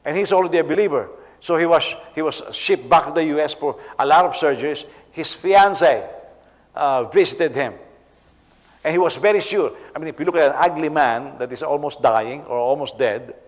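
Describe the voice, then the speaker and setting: Preaching man in a reverberant hall. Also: a little high. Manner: animated, halting with repeated words. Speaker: pastor. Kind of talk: sermon.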